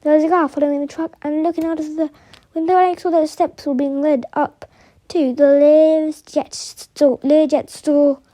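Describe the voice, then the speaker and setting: A woman reads a novel aloud in a high, mellow voice. She stumbles often, restarting and correcting words as she goes. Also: flat delivery, normal speed. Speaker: reader of an audiobook.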